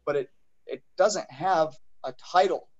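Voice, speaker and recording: A man's voice: fairly high pitch, a little slow, muffled recording. Man talking through ideas, hesitant. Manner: thinks aloud, hesitant, lots of fillers. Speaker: guest. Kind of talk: casual chat.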